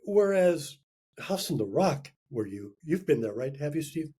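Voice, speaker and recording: Wry older storyteller with husky voice. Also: male voice, fairly high pitch, sing-song, unhurried, dark tone. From Wisconsin. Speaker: guest folklorist and storyteller. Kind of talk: casual interview chat.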